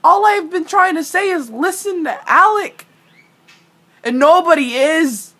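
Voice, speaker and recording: A woman's voice: very high-pitched, expressive, measured pace, a bit bright. A young woman giving casual reaction commentary on a TV episode, ranting animatedly and swearing freely. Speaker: reaction video host.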